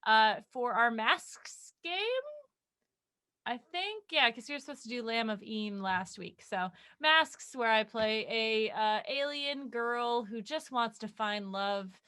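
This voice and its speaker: A woman signing off as a tabletop game player, chatting in an animated, excitable, self-deprecating way. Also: fairly high pitch, slow, smooth, no echo, clean studio sound. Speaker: player, guest. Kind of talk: casual sign-off chat.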